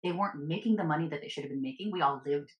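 A woman chatting frankly and casually, using slang in a lively way. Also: sits low, very fast, reverberant, low-quality recording. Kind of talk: casual conversation.

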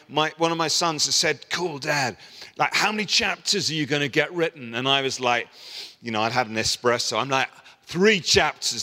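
A middle-aged man preaches, telling a story and acting out the voices of the people in it. His voice is bright and forward. It rings out with a long reverb, as if he stands in a large hall. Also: medium pitch, clear, resonant tone. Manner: storytelling, animated voicing of quoted people. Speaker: pastor. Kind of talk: sermon.

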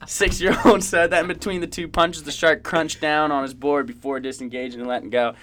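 A young man with a slightly high voice co-hosts a casual sports podcast. He tells stories loosely, swears freely and keeps breaking into laughter. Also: steady tone, moderate pace, a bit bright, slight background noise. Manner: joking, profane, laughs often. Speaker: podcast co-host.

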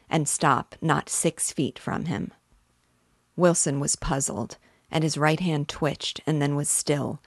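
Woman with a low voice reading a novel. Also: vocal fry, no room sound, studio quality. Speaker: reader, host.

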